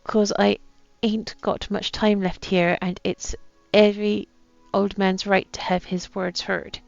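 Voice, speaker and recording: A woman doing a gravelly old pirate captain. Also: mid-range voice, level tone, dry recording, lo-fi sound, soft background music. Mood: boastful. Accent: put-on pirate accent. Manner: rough pirate slang, slow drawn-out reading. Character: boastful old male pirate captain, gruff. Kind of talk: reading a game journal aloud in character.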